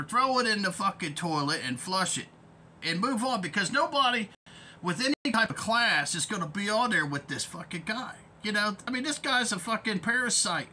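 High, sharp-voiced man ranting heatedly. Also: slight background noise. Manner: profane, rambling, heated. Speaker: online commentator. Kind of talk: ranting vlog.

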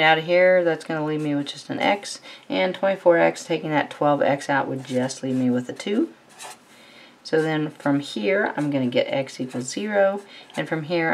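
A woman teaching a recorded calculus lecture, talking students through a problem step by step in a relaxed, conversational way. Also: deep voice. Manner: relaxed, conversational, thinks aloud while writing. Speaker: math teacher.

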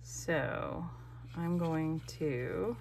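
A woman hosts her own crafting channel in a casual, rambling way. Her voice sits on the lower side, and she often breaks off mid-thought while she glues. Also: drawn-out words, gravelly, a little mellow, a little hiss or hum. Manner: chatty, rambling, self-interrupting.

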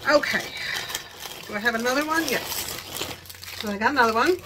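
A woman's voice: fairly high pitch, a little fast, background noise. An older woman and grandmother chatting at home in her living room while showing products she bought, rambling off topic and laughing often. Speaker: product haul vlogger. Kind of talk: casual chat.

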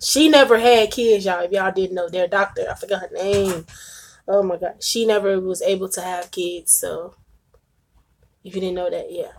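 A woman's voice: medium pitch, fairly even intonation, moderate pace. A woman doing a reaction video, chatty and emotional, talking straight to her viewers. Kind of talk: casual reaction commentary.

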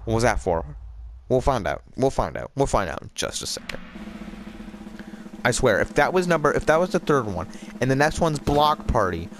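A man giving casual, jokey commentary over his own gameplay, excitable and playful, mock raging and rhyming nonsense. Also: medium pitch, moderate pace, faint music behind.

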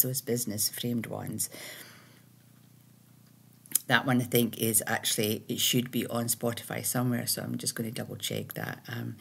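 A middle-aged woman with a Scottish accent reflects out loud in an earnest, meandering monologue, pausing and restarting her thoughts. Her voice sits very low and carries a gravelly fry. There is a husky, breathy edge to it. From Scotland. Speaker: meditation creator.

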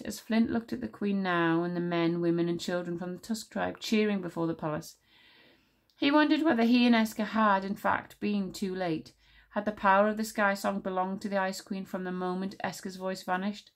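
A woman's voice: lowish voice, creaky. Woman teacher reading a children's novel.

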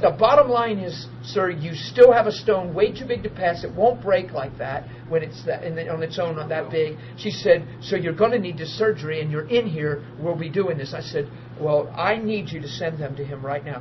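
Excitable man preaching, muffled and humming. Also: on the high side, brisk, few pauses. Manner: excitable, bursts into laughter and shouts. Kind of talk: sermon testimony storytelling. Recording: muffled recording with steady hum.

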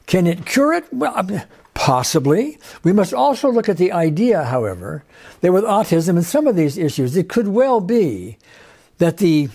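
An older man with a warm, fairly high voice talks through a story in an easy, unscripted way. He rambles, restarts his phrases and leans on fillers as he explains. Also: breathy edge. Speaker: host. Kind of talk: casual explanatory talk.

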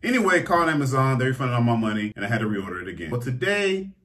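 A man telling a long story in a casual unboxing vlog, animated and full of loud, exasperated outbursts, recorded in an indoor room. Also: medium pitch, rapid-fire. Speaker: vlogger. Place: indoor room with green screen.

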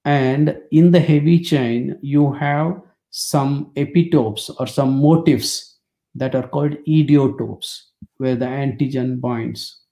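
Older man, warm gravelly lecturer, dry anecdotal humor, webinar call mic. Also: medium pitch, slow pace. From India. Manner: anecdotal, wry storytelling with dry jokes.

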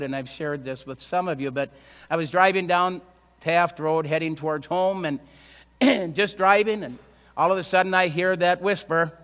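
A man's voice: on the high side, fairly bright tone. A man preaching a sermon as pastor. He speaks conversationally and asks the congregation rhetorical questions. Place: church sanctuary. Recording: long church hall reverb.

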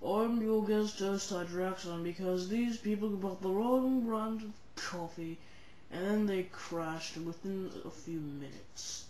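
A woman playing a self-important guest host who rambles slowly through a rambling stand-up bit in a homemade comedy sketch. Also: medium pitch, darkish tone, close to an everyday voice. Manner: slow, rambling, full of restarts. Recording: echoey room, faint noise.

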